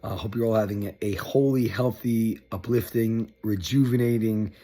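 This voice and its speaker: A man giving a short, upbeat weekly Torah talk, telling the story with lively acted-out quotes. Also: on the low side, normal speed. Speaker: Torah teacher.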